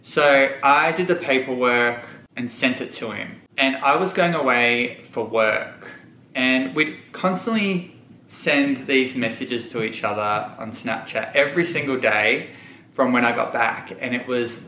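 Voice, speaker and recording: A young vlogger tells a personal story to the camera, speaking candidly and holding back tears. His mid-range voice is unhurried, pushed, and bright. The camera mic records an echoey room with a little hiss or hum.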